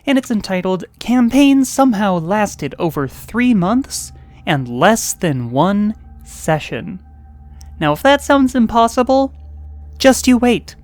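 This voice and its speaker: A woman hosting and narrating online role-playing stories, expressive, with playful asides. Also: medium pitch, takes it slowly. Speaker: host and narrator.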